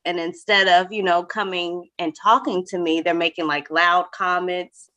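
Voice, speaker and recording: A woman hosting a casual video-call chat, telling a story in an animated way and laughing as she goes. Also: lowish voice, moderate pace. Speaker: podcast host.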